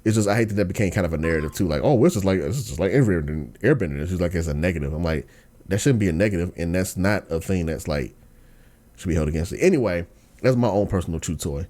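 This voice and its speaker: A man hosting a podcast in casual chat, slangy and ranting, dropping to low mumbles and then bursting into excited outbursts. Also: fast talker. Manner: slangy, lots of fillers and restarts. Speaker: podcast host.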